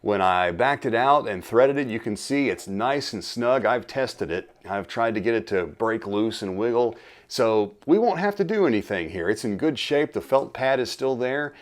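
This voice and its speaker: Cleaning and oiling a guitar on his relaxed workshop vlog, a middle-aged guitar-restoring host talks at an easy, folksy pace. He throws in friendly asides and fillers, and his mid-range voice is expressive.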